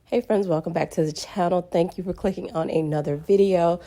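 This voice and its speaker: A woman's voice: on the low side, steady tone, brisk, warm tone. A woman hosting her channel, opening a casual vlog in a chatty, friendly way. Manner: chatty, friendly greeting, laughs easily. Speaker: channel host.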